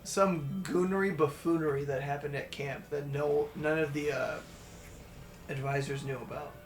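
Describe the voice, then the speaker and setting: A man's voice: fairly high pitch, fairly even intonation, moderate pace. Teasing young man in casual chat. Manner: teasing, joking banter. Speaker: let's play co-host. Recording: roomy echo with faint game music.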